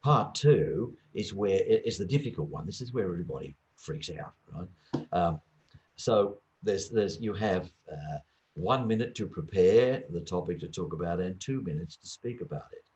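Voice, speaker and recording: A man with a fairly low voice speaks in an interview about teaching English. His pitch swings widely as he acts out short exchanges between teacher and student. The talk is easy and conversational. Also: moderate pace, highs cut off, a little hiss or hum. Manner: lively, acts out little classroom dialogues. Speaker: former exam examiner and English teacher.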